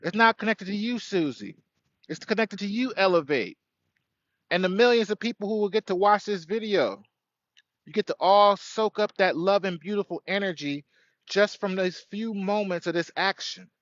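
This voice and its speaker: A man's voice: sits high, normal speed, a bit bright, dull audio. A man hosting an outdoor spiritual livestream, speaking earnestly and greeting viewers by name. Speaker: livestream host. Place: outdoors by a tree.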